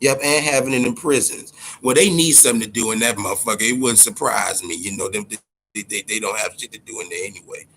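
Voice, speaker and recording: A man's voice: on the low side, quick pace, a bit bright, breathy edge. A man hosting a casual boxing livestream, talking loosely and profanely and greeting viewers in the chat by name. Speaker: boxing podcast host.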